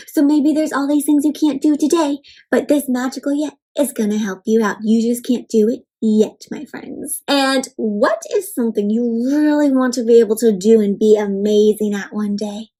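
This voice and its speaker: A woman reading a picture book aloud to children, pausing often to encourage them and ask them questions. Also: on the high side, fairly even intonation, dark tone. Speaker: children's storybook reader. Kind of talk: interactive read-aloud for kids.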